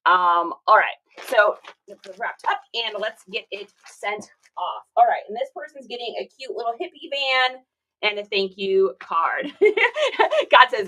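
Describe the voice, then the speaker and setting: A woman's voice: a little high, sing-song, slow, pushed and bright, rough recording. A woman chatting casually on a livestream while packing orders, reading viewer comments aloud and laughing often. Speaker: reseller streaming live.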